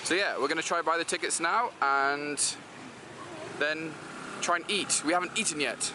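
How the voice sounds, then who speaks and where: A man's voice: on the high side, moderate pace, background noise. A man with a Geordie accent chatting casually as a travel vlogger while walking around a city outdoors, loose and rambling with lots of fillers. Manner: chatty, loose, says "like" a lot. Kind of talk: casual travel vlog narration.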